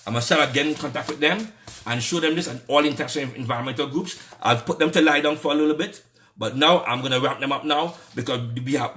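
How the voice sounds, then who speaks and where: A man's voice: medium pitch, a bit bright. A man with a Trinidadian accent giving a heated, repetitive, indignant political rant. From Trinidad and Tobago.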